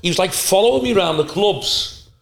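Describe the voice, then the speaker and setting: A male stand-up comedian telling profane, animated anecdotes in a casual podcast chat. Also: high-pitched, moderate pace, vocal fry. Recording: roomy echo.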